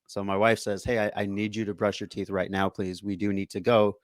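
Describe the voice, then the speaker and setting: Male podcast host, low voice, dry close sound, animated storyteller who laughs a lot. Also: fairly quick, no room sound. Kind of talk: casual podcast conversation.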